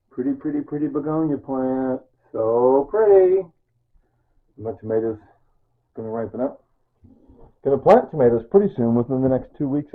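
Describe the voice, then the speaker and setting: A middle-aged man from Kansas rambles cheerfully through a home cooking vlog, checking in with "right?" and "see?" after his asides. His voice is husky and sits at an ordinary pitch. The sound is thin and tinny, as if heard through a phone. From Kansas, USA. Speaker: vlogger.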